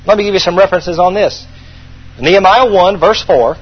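High-voiced, husky preacher, lo-fi sound. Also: male voice, expressive, brisk. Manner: emphatic preaching, repeats key points for note-taking. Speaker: pastor. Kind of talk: sermon.

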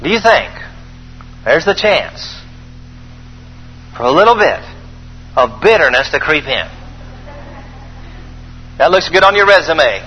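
A man preaching a sermon, reading scripture aloud with animated, folksy, emphatic asides to the congregation. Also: fairly high pitch, takes it slowly, long pauses, long reverb tail, lo-fi sound, soft background music.

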